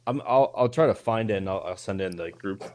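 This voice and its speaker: A man's voice: lowish voice, fast. A man in casual group talk, rambling a little and restarting his words as he explains. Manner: rambling, restarts words, animated quoting of others. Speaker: podcast host. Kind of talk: casual group chat on a stream.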